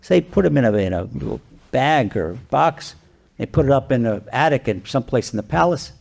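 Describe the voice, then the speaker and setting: A man, a rabbi, giving a sermon and telling a parable in an animated, conversational way, often restarting his sentences. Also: medium pitch, a little fast, vocal fry. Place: lecture venue.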